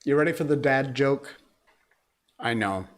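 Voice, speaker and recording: A man from Connecticut hosting a casual livestream, chatty and enthusiastic and quick to laugh. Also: medium pitch. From Cornwall, Connecticut, USA. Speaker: livestream host.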